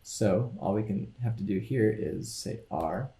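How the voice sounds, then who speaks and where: A man teaching a coding lecture over his screen, explaining each step in a relaxed, thinking-aloud way. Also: fairly low pitch, measured pace, reverberant, slight background noise. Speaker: instructor.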